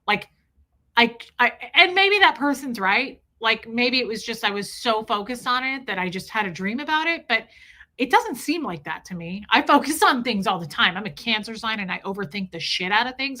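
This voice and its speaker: Bright-voiced woman livestreamer chatting with viewers. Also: on the high side, lively intonation, normal speed. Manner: emotional, candid, talks straight to chat viewers. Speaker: livestream host reading chat. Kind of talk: casual livestream chat.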